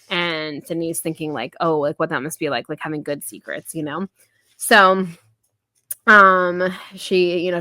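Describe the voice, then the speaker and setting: A woman's voice: on the low side, sharp tone, dry recording. A woman, co-hosting a podcast and retelling a novel's scenes in a chatty, filler-heavy way, laughing often. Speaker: podcast co-host. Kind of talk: casual book-review chat.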